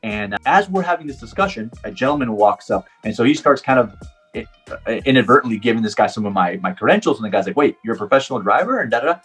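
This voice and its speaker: A man's voice: medium pitch, fast, breathy edge, soft background music. A middle-aged man from Puerto Rico who is a professional driver, telling a personal story in an interview and acting out the dialogue. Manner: animated storyteller, acts out quoted dialogue.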